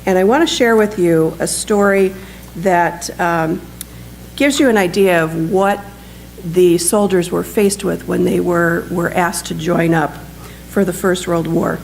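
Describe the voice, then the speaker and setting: A woman's voice: on the low side, fairly even intonation, measured pace, gravelly, darkish tone, a little hiss or hum, low-quality recording. A woman presenting a book at a library talk, reading passages aloud and adding casual remarks with frequent ums. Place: library event room.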